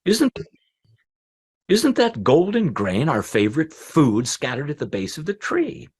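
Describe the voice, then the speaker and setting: A man voicing a flock of eager, headstrong wild pigeons in a squeaky, excited way. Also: measured pace, breathy edge, full character voice.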